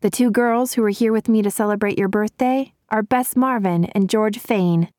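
A woman's voice: mid-range voice, moderate pace, warm tone, no room sound, clean studio sound, voice pushed up, lightly acted. Woman reading an earnest young heroine.

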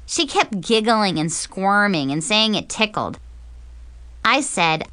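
Woman narrator, audiobook, sarcastic, very lively pitch, dry close sound. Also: a little slow, no echo. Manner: sarcastic, expressive, dramatic. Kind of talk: first-person audiobook narration of a teen diary.

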